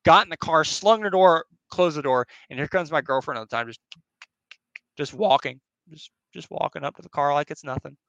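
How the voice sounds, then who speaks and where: This young podcast host speaks briskly in a high-side, gravelly, fairly bright voice, captured in a muffled recording with no room sound. Recounting a spooky personal experience, he rambles, uses slang and profanity, and acts out other people's lines.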